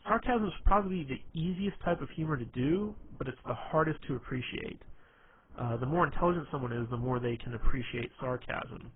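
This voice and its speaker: A man's voice: medium pitch, a little hiss or hum. Man rambling in a tinny lo-fi recording. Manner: rambling, many fillers and restarts. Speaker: presenter giving dating humor advice. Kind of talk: casual spoken presentation. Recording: tinny phone-like lo-fi sound.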